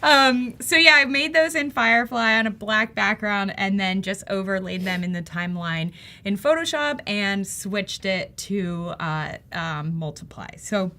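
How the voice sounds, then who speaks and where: A bubbly, enthusiastic woman co-hosts a casual live stream. She chats along easily and explains what she is doing at a comfortable, mid-range pitch. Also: measured pace, sharp tone. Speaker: livestream co-host.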